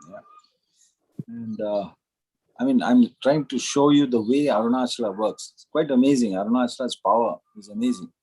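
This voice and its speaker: Husky man. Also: medium pitch, dark tone, low-quality recording. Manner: reflective, anecdotal, unhurried. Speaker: guest speaker at a club meeting. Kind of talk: spiritual storytelling talk.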